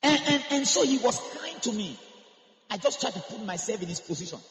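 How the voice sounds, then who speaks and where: A man, preaching a sermon and telling stories, moving from hushed asides to shouted climaxes. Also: sits high, expressive, brisk, soft background music. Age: 30s. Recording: echoey hall with long reverb.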